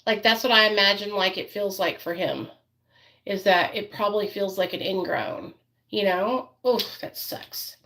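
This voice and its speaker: A woman's voice: mid-range voice, normal speed, bright, forceful tone. A woman vlogging casually while doing her makeup, rambling and chatty with many fillers, and doting on her dog. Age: adult parent.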